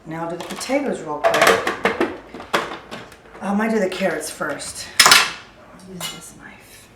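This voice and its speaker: A woman with a lowish voice chats her way through a recipe, thinking out loud as she chops and stirs. She stands back from the mic in a roomy, echoey kitchen, with loud clatter of pots, utensils and drawers around her. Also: slow pace, distant mic, very noisy. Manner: chatty, thinking aloud as she works. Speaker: home cook. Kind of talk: casual cooking demonstration. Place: home kitchen. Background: clattering dishes, utensils and drawers.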